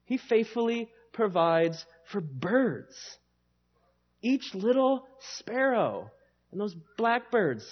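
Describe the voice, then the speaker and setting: A male pastor preaches a sermon in a high, very lively voice that rises and falls widely. His delivery is emphatic yet conversational, and the recording has a slightly dull, lo-fi sound.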